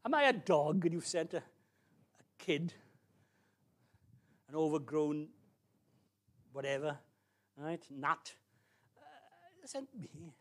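A man's voice: a little high, big pitch swings, takes it slowly, long pauses. A man voicing a boastful giant warrior with a Welsh accent, taunting his enemies. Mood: scornful.

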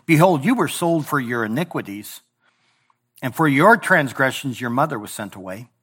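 A male pastor preaching a sermon in a church, voicing scripture and God's words with swings from loud emphasis to hushed tones. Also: medium pitch, very animated, moderate pace, slightly rough. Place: church sanctuary.

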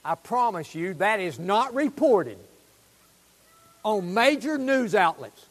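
A pastor preaching in a church, his voice riding very high and swinging widely in pitch. He is exuberant and bursts into loud proclamations. The sound carries a long reverb from the church hall. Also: sing-song, slow. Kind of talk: sermon. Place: church sanctuary.

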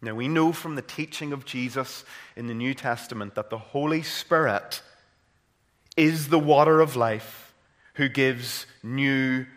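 Northern Irish preacher in a reverberant hall. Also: male voice, mid-range voice, a bit bright. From Northern Ireland. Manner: earnest, builds to impassioned emphasis. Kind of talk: sermon.

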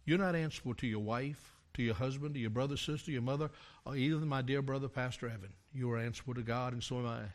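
An older man preaching a sermon, telling a story from his years as a pastor and rising to loud, emphatic climaxes. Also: mid-range voice, fast talker.

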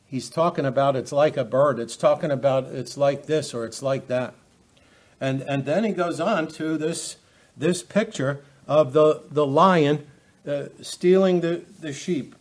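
A man preaching a verse-by-verse Bible lesson, talking in a halting way with many fillers and restarts. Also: a little high. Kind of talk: expository Bible teaching.

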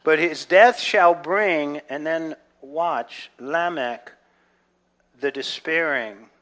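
Man, Bible teacher, earnest, conversational, fairly high-pitched, soft to loud. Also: slow pace. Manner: earnest, often checks in with "right?"; swings between soft reflective and loud excited delivery.

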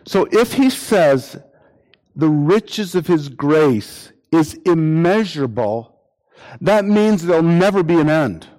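Male preacher talking slow and steady, repeats himself for emphasis, acts out little quotes. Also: a little high. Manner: acts out imagined quotes in lively voices. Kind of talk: sermon.

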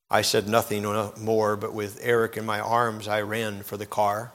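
A man preaching a sermon, telling a story dramatically and swinging between loud and hushed moments. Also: lowish voice, flat delivery, normal speed, few pauses, big-room sound. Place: church.

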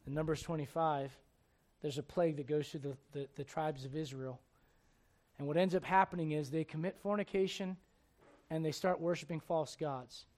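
A male preacher delivering a sermon as animated storytelling, asking the crowd rhetorical questions. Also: a little high, normal speed.

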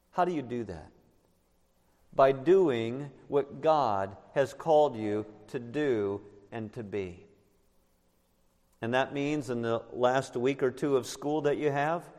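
A male pastor preaching a sermon to his congregation, emphatic and slowing down on key words. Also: medium pitch, a little mellow. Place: church sanctuary. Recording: long reverb in a large church.

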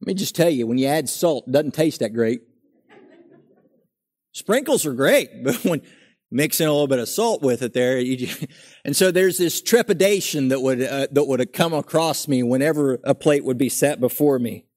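Speaking briskly at medium pitch, a young man delivers a sermon. He is earnest and emphatic, building up each line before landing on a quiet, settled note.

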